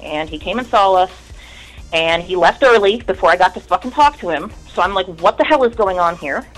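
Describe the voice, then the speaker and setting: A woman's voice: on the low side, expressive, a little fast, soft background music, poor audio. A woman in her thirties, a guest in an interview, telling her story in a candid, rambling way and swearing often.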